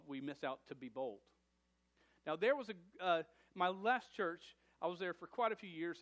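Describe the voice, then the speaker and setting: Guy preaching, pretty high voice, lively, stumbles and repeats words a lot. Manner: animated, with stammered restarts and repeated words. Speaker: pastor. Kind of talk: sermon.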